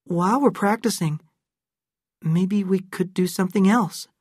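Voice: medium pitch, unhurried, a little mellow, husky, no echo, studio quality, voice pushed up. A reader voicing a shy, delicate young boy who talks earnestly.

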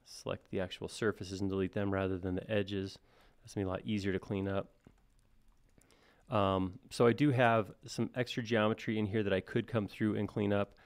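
Man, gravelly voice, live tutorial instructor, thinking aloud, casual. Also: lowish voice, flat delivery, moderate pace. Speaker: software instructor. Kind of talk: live-stream modeling tutorial.

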